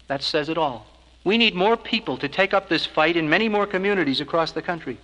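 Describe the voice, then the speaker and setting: A man's voice: high-pitched, expressive, sharp tone, long reverb tail, poor audio. Earnest man narrating an old filmstrip. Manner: measured, earnest persuasive address. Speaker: organization spokesman narrating a filmstrip.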